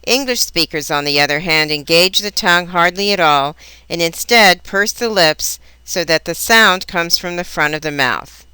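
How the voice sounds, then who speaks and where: A woman teaching a language lesson in scripted narration, pronouncing each example word slowly and carefully. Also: lowish voice, sharp tone, clean tone, dry recording. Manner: slow, careful, precise enunciation of example words.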